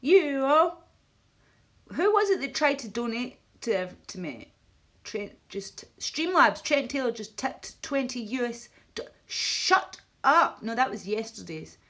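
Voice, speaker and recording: A woman's voice: on the high side, big pitch swings, moderate pace, fairly bright tone. A Scottish woman on a live stream, rambling bluntly between topics and swearing often.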